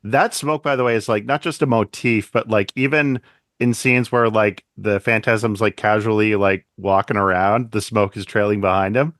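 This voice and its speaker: A man with a lowish voice co-hosts a casual podcast movie chat. He recaps scenes with a relaxed, dry close-mic sound and slips into funny voices for quoted lines. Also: normal speed, dry recording. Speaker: podcast co-host.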